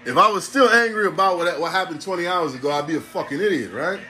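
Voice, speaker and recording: A man's voice: sits high, fast talker, pushed and bright, slight background noise. A man, hosting a podcast in a blunt, profane, streetwise ranting monologue. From New York City. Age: 40s. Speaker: podcast host.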